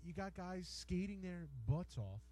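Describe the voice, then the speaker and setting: Brief: American male co-host, warm mellow tone, halting hockey talk with lots of restarts. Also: high voice, animated, rough recording. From United States. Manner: hesitant, repeats words, ribs his partner. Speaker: sports radio co-host. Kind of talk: casual bantering sports talk. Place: radio studio.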